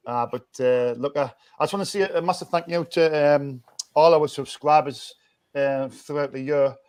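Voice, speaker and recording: A man chats as host of a football fan show. His voice sits a bit high, and he rambles upbeat through restarts and fillers. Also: steady tone, a little slow, darkish tone, clean tone. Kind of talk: casual fan chat.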